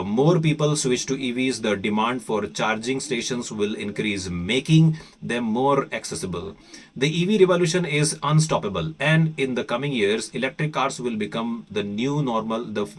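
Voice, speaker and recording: A man with an Indian accent, an English teacher reading an article aloud for learners, deliberate and often hesitating. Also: mid-range voice.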